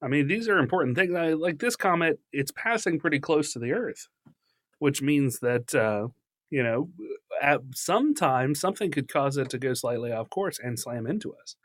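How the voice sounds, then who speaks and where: A man co-hosting a casual podcast, chatting and reading news articles aloud in an animated way. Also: a little high, normal speed, no room sound, studio quality. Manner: animated, reads at length, laughs easily. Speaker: podcast co-host.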